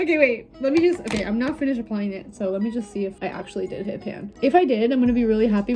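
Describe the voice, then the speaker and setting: A young woman in her twenties talks while she does her makeup at home, and her voice sits a little high. She rambles and drifts off track, then gets excited over small things. Faint music plays behind her. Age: 20s. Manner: chatty, easily sidetracked, excitable. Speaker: beauty vlogger. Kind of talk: casual storytime while doing makeup.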